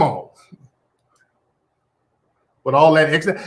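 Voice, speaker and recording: A man's voice: high voice, very animated, measured pace. An American man hosting a ranting commentary, sassy and profane, mocking people with pet names like sweetie and boo. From United States. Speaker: commentary channel host.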